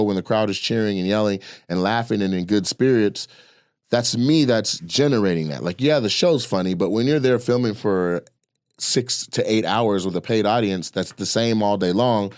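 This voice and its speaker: A man talking in a casual podcast chat, animated and loose, swearing freely. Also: lowish voice, no room sound, studio quality. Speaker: comedian and podcast guest.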